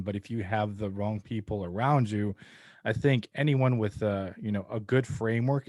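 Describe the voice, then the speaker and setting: A male podcast host with a fairly low voice sums up his thoughts in a measured, reflective way. The sound is dry and close to the mic. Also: darkish tone, dry recording. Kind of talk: reflective interview commentary.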